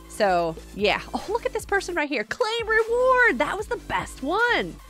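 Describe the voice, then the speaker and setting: A high-pitched, chatty middle-aged woman talking through a live game stream, laughing easily and answering her chat. She sounds a bit worn out after a long day. Faint game music plays underneath. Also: fairly bright tone. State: tired.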